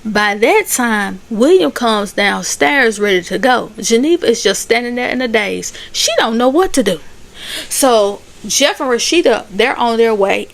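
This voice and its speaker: A woman's voice: on the high side, creaky. A woman giving a sassy, chatty casual recap of TV episodes. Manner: sassy, chatty, laughs at the drama. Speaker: recap host.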